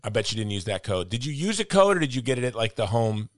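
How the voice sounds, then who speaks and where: A man's voice: medium pitch, big pitch swings, fast, no echo, clean studio sound. A man hosting a podcast, chatting casually and teasing his guest with playful jokes. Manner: joking, teasing, plugs the sponsor playfully. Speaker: podcast host. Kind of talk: casual chat.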